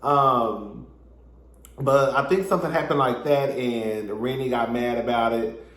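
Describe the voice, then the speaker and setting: A man giving a sassy, animated casual recap of a reality show, talking straight to his viewers. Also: medium pitch, unhurried, echoey room. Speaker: reality TV reviewer.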